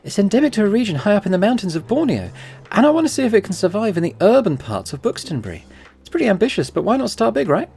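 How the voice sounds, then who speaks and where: A man's voice: high-pitched, very animated, quick pace, gravelly, darkish tone, husky, faint music behind, voice pushed up, full character voice. A man reading out a young student's game dialogue in a raised, upbeat voice, chatty and persuasive. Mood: eager. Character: eager young plant-science student.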